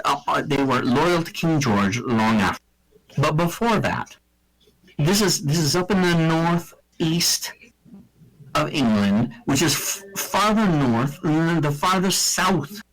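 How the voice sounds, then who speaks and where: A man in loose banter on a chat show, spinning a long rambling tale. His voice sits fairly high and swings widely up and down. He swears freely and drops into mock accents. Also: expressive, slow pace, a bit bright, rough recording. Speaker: podcast co-host. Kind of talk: casual banter.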